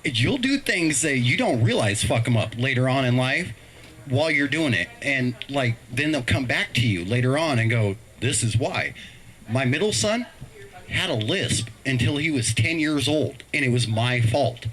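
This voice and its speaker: A middle-aged stand-up comedian with a medium-pitched voice talks at a moderate pace over a rough recording. On a live stream, he animatedly tells stories about his kids, acting out their voices as he goes.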